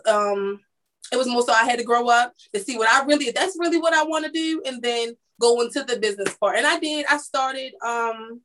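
A young makeup artist from East Baltimore, Maryland, appears as a guest in a casual interview chat. She speaks candidly in a high voice, rambling and restarting often. The audio quality is poor.

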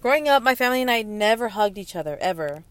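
Emotional young mother, halting and teary. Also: medium pitch, lively intonation, slight background noise. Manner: halting, emotional, many restarts and pauses. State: close to tears. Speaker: young mother sharing her story. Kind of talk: candid personal monologue.

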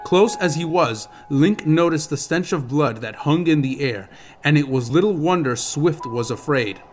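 A man reading a fantasy novel aloud as an audiobook narrator, in a steady, measured storytelling manner. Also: on the high side, faint music behind. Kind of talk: scripted narration.

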